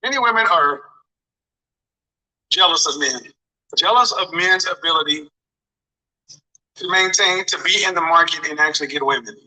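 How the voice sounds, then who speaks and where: A man's voice: a little high, normal speed, long pauses, sharp tone, distant mic, rough recording. A man lecturing viewers on dating in emphatic commentary, often repeating his phrases for effect.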